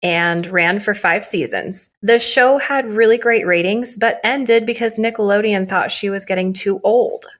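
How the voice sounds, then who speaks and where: A young woman co-hosting a casual podcast, talking into a studio mic. She jokes, teases herself and her co-host, and laughs often. Her voice sits at a middling pitch. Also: a little slow, hardly any pauses. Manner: joking, self-mocking, laughs often. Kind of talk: casual chat.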